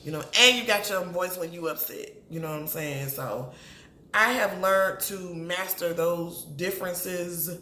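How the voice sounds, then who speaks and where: A woman's voice: on the low side, a little slow. A woman, chatting casually to camera as she reviews a reality show and talks straight to its people. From Atlanta. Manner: chatty, animated, addresses people on the show directly. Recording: roomy echo, faint background noise.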